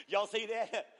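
A man preaching a revival sermon, teasing the congregation and rising to shouted fervor. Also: sits high. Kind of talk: joking, call-and-response revival sermon. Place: church revival service. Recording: long echoing church hall reverb.

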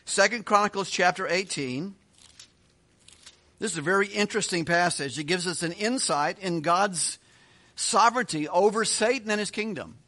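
A man teaching a Bible study as a pastor, retelling scripture with quick voiced asides and chuckles. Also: high voice, sharp tone.

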